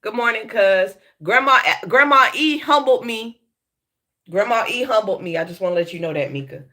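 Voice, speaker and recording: A woman's voice: fairly high pitch, expressive, moderate pace, sharp tone. A woman hosting a casual live stream, blunt and swearing freely, a bit sick and talking with a slight lisp from her braces. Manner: blunt, swearing, greets chat viewers by name. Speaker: live show host.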